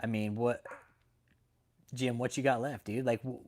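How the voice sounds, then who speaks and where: A man's voice: mid-range voice, level tone, measured pace, darkish tone. Profane, mocking livestream host, a man. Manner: profane, mocking, laughs often; greets chat viewers by name. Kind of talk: casual livestream commentary.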